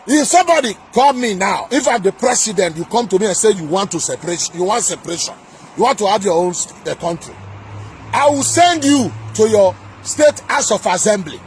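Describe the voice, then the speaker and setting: A man delivering an angry political rant, shouting, scolding and repeating himself. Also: high-pitched, animated, a little fast, slight background noise. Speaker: political commentator.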